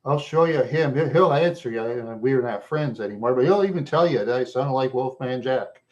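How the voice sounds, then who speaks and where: A middle-aged man from Minnesota with a rough voice worn down by years of smoking. He talks to his viewers in a loose, rambling way, stopping often to chuckle. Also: mid-range voice, moderate pace, dull audio. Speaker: livestream host chatting with viewers. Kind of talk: casual rambling chat.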